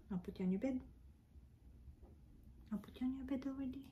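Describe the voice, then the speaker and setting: A woman's voice: high-pitched, fairly quick, long pauses, highs cut off, slight background noise. A woman at home at night, coaxing her pet in cooing baby talk that often drops to a whisper. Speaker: pet owner vlogger.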